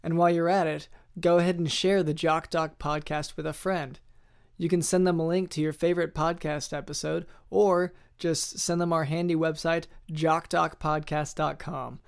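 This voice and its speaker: Creaky-voiced podcast host, playful. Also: male voice, on the high side, little pitch movement, normal speed. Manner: playful, wraps up with thank-yous. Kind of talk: casual chat and scripted outro narration.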